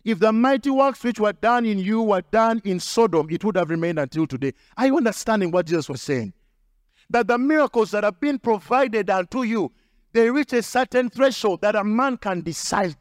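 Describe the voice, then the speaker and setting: High-voiced preaching pastor, dry sound. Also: male voice, animated, normal speed, dry recording. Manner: emphatic preaching with repetition and acted quotes. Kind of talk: sermon.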